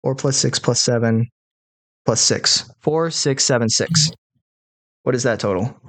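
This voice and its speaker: A man's voice: medium pitch, measured pace, a bit bright, no room sound. A man running a tabletop game as game master, narrating methodically and counting dice rolls aloud.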